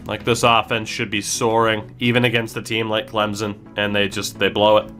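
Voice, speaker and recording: A man's voice: on the low side, monotone, normal speed, a bit bright, soft background music. A man commenting on his own video game play, ranting and cursing at himself after mistakes. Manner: frustrated, swearing, self-blaming rants. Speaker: gaming streamer. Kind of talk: live gameplay commentary.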